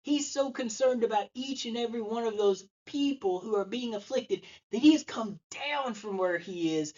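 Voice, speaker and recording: A man's voice: extremely high pitch, moderate pace, darkish tone, highs cut off. A man preaching a sermon, telling a story and acting out the people in it. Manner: storytelling, acts out the voices in his story. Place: church.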